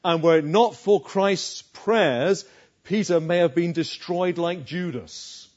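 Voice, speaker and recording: A male preacher giving an emphatic sermon, swinging from loud declarations to hushed asides. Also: sits high, slow, lo-fi sound.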